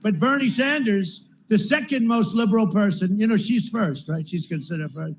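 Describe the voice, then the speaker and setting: Rambling high-voiced man at a rally. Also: normal speed, slight background noise, poor audio. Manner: rambling, repetitive, with asides to the crowd. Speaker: politician addressing a rally. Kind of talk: campaign rally speech. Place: large rally venue.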